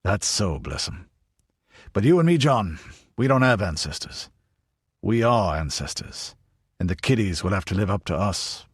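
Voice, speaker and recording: A man's voice: lowish voice, very animated, normal speed, long pauses, slightly rough, dry recording. A man voicing an older veteran soldier, dry and derisive.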